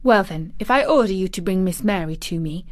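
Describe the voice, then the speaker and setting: A woman's voice: medium pitch, lively intonation, fairly quick, no room sound, close to an everyday voice. Woman reading as a spoiled imperious boy. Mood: commanding. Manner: commanding, grand.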